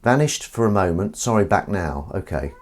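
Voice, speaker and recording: A man's voice: deep voice, animated, moderate pace. A man chatting casually on a live stream while washing up, rambling and self-mocking, sometimes cooing at his cat. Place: home kitchen. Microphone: desk microphone.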